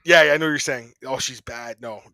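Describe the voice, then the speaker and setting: A man's voice: medium pitch, quick pace, gravelly, sharp tone, dry recording. A man hosting a podcast, chatting casually about fight picks with lots of laughter and rambling banter. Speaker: podcast host. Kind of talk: casual sports betting chat.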